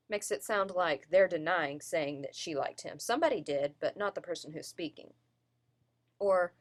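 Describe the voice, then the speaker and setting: A woman's voice: on the low side, animated, normal speed. A woman giving a class presentation on vocal delivery, explaining and demonstrating word emphasis. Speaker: student presenter.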